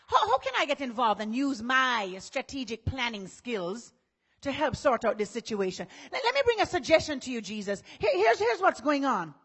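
A woman pastor delivers a sermon in a high, bright voice. She talks to the congregation like a conversation, slips into voices of everyday people, and climbs to loud, shouted passages. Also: sing-song, normal speed, slightly rough. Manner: preaching, acts out what people say in conversational voices, rises to shouting.

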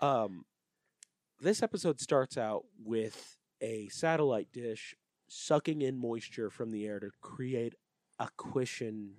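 A man co-hosting a casual podcast, recapping a TV episode with jokes and quick character impressions. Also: medium pitch, no room sound, clean studio sound. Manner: lively, joking, mimics characters. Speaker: podcast co-host.

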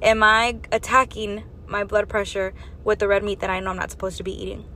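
A woman's voice: medium pitch, little pitch movement, fairly quick, sharp tone, a little hiss or hum. A woman giving an earnest faith and health talk, exhorting her listeners with strings of rhetorical questions. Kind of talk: preaching monologue.

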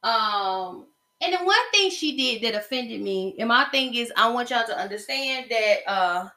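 A woman's voice: fairly high pitch, animated, measured pace, bright, forceful tone, echoey room. A woman from the American South hosting a podcast, talking about reality TV in a blunt, chatty gossip style, with slang and lots of fillers. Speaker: podcast host. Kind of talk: casual gossip monologue.

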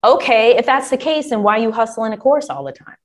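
A woman coaching an audience in a lively, chatty way, calling them y'all. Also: fairly high pitch, fast. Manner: animated, chatty, addresses listeners as y'all. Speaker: government contracting coach. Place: Michigan.

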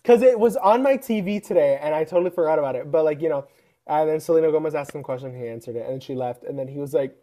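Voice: mid-range voice, very fast. A young adult co-hosting a podcast in casual chat, telling stories with lots of "like" and acting out the people in them. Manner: animated storyteller, acts out quoted people. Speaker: podcast co-host.

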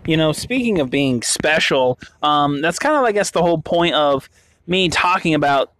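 A young man from the western US rambles in a casual solo talk, circling back through restarts and fillers. His voice sits slightly high. The sound is dry and close, with no room around it. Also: lively intonation, normal speed, fairly bright tone, no echo. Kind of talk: casual monologue.

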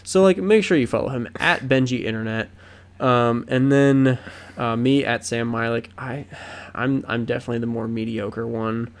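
A man's voice: mid-range voice, moderate pace, smooth. A young man co-hosting a podcast in casual chat, rambling and swearing with lots of fillers and restarts. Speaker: podcast co-host.

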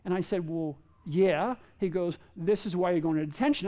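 A man preaching a sermon, animated, acting out quoted lines with sudden leaps in pitch. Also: moderate pace, hardly any pauses. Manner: animated, acts out quotes with big pitch jumps. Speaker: pastor. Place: in a room with listeners.

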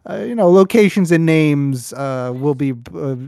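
A man's voice: a little high, lively intonation, a little slow, vocal fry, warm tone, clear, resonant tone, no echo, clean studio sound. A young man, a podcast host, chatting casually and telling a story with lots of restarts. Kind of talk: casual chat.

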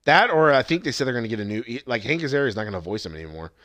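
Young man, low pitch, quick animated casual chat, profane and rambling, dry sound. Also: no echo. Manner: profane, rambling, with frequent restarts.

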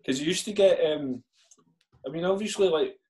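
This is an easygoing man talking through his basketball days in a casual podcast chat. His voice sits a little higher than most men's. He is chatty and laughs easily. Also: normal speed, darkish tone. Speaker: guest, former basketball player.

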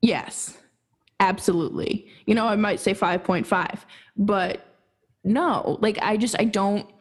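A young woman co-hosting a casual sports podcast, chatty and quick to laugh, with lots of fillers. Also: medium pitch, slightly rough. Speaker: podcast co-host.

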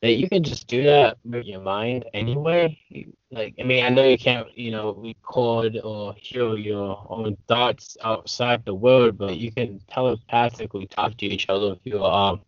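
A man's voice: mid-range voice, normal speed, hardly any pauses, no room sound. A man talks loosely as a podcast guest, piling on fillers as his thoughts wander. His voice comes through dry and close, and the internet call makes it sound muffled and lo-fi. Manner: rambling, heavy on fillers. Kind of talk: casual chat over a call.

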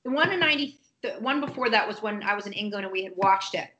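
A woman telling a personal story in a casual interview, animated and acting out other people's lines. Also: mid-range voice, fast, highs cut off, a crowd in the background. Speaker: guest.

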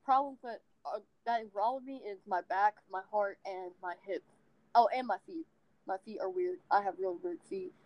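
A woman's voice: mid-range voice, mellow, no room sound, rough recording. A woman from the American South with a Southern accent, chatting casually as a podcast co-host and rambling with frequent asides. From Southern United States. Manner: rambling, self-deprecating, many ums and anyways. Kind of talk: casual chat.

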